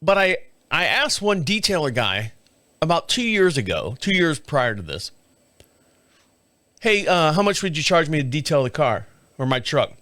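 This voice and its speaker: A middle-aged man rambles through a casual, foul-mouthed story, voicing little sound effects along the way. His voice sits high for a man. The sound is close and dry with no room around it. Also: moderate pace, long pauses, no echo. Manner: profane, rambling, animated with laughs and sound effects. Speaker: podcast host.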